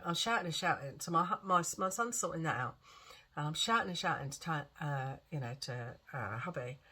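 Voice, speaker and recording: A woman's voice: lowish voice, bright, forceful tone, breathy edge. A woman with a lingering cough, rambling and repeating herself as she tells a story in a chatty vlog. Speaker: vlogger.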